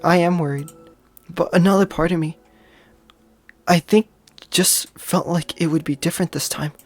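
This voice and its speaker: A game player reading aloud as a timid, sad teenage girl who speaks softly and hesitantly. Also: mid-range voice, fairly even intonation, moderate pace, lightly acted. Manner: soft, hesitant. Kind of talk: reading a visual novel aloud.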